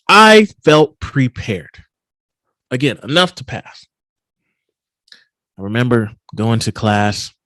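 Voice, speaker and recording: A man giving a keynote at a virtual summit, telling a personal story in an animated, emphatic way. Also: medium pitch, slow, long pauses, no echo. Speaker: keynote speaker. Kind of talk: storytelling talk.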